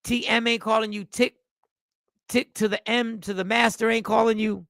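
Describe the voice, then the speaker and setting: A man doing a mocking comedic rant, repeating phrases and dropping to low mutters between loud bursts. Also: normal speed, gravelly, no room sound, studio quality. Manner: mocking, repetitive, animated with sudden drops to mutters. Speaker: comedian reacting to a clip.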